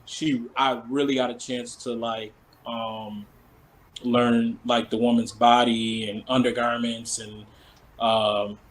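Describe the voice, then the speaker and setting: A man's voice: mid-range voice, level tone, slow, low-quality recording. Male guest, celebrity stylist, mid-range voice, loose rambling talk, faint background hiss. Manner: rambling, full of "like" fillers. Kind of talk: casual storytelling interview.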